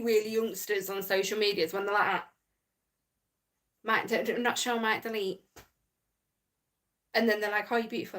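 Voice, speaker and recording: A woman's voice: medium pitch, bright, forceful tone. A woman hosting a casual livestream, chatting and giggling as she reads viewer comments aloud. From United Kingdom. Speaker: livestream host reading chat.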